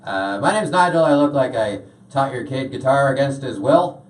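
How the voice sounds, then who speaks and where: A man's voice: mid-range voice, normal speed. Male stand-up comic, roomy sound. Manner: deadpan with frequent "uh" fillers. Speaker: stand-up comedian. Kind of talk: stand-up routine. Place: comedy club stage. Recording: roomy club sound from a distance.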